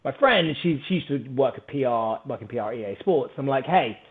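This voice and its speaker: A British man telling a story on a podcast in an energetic, animated way, swearing freely. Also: medium pitch, brisk, narrow, tinny audio. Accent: British English. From Britain. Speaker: podcast guest, startup founder. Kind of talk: casual storytelling chat.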